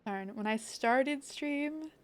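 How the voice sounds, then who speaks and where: A young woman streaming a game, chatting casually in a bubbly, excitable way full of "like.". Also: high voice, takes it slowly. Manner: bubbly and excitable, many likes.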